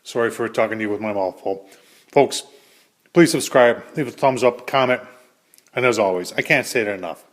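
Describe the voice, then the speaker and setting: A man's voice: fairly low pitch, normal speed. A middle-aged man hosting his own cooking videos, talking in a folksy, chatty way and calling his viewers folks. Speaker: cooking channel host. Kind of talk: casual cooking demo to camera.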